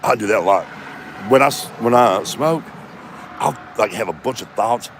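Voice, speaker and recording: Fairly low-pitched and lively in intonation, a man in his fifties speaks at a moderate pace in a self-mocking solo vlog. The comedian vlogger rambles and swears out in his front yard while traffic goes past.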